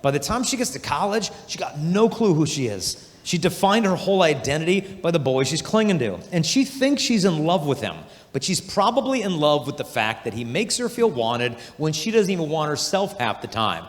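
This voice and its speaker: A man giving an energetic youth conference talk, telling animated stories and acting out the voices of people he describes. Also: fairly high pitch, moderate pace, few pauses. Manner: animated storytelling, acts out quoted voices. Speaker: conference speaker. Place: large hall. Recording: long hall reverb.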